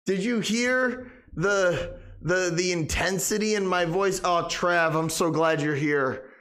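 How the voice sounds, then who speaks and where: A man's voice: sits high, slow pace, fairly bright tone. A young man live-streaming a game with comedic, overdramatic mock panic.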